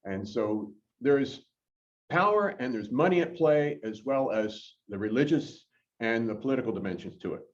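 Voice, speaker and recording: A man who is an interim pastor leads a Bible study in a church chapel, talking in a lively, conversational way with frequent fillers. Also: mid-range voice, moderate pace. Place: church chapel, in front of a live group. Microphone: corded mic, worn while moving about. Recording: distant, dull lo-fi sound.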